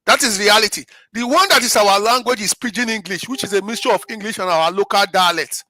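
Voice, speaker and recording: A man's voice: high-pitched, fast talker, sharp tone. A middle-aged Nigerian man with a Nigerian accent, giving impassioned political commentary as a panel guest, repeating phrases and firing rhetorical questions.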